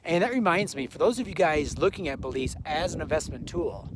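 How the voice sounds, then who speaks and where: A man's voice: fairly high pitch, animated, brisk, background noise. Slightly breathless man vlogging on a hike. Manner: upbeat, chatty, motivational. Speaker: vlog host. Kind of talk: casual outdoor vlog while hiking. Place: outdoors on a mountain trail.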